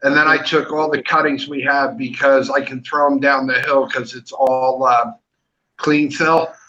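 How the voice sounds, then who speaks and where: Man guest on a late-night stream, bright and a touch high, laid-back, heard through a dull lo-fi line. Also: level tone, unhurried. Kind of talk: casual chat. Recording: muffled lo-fi sound.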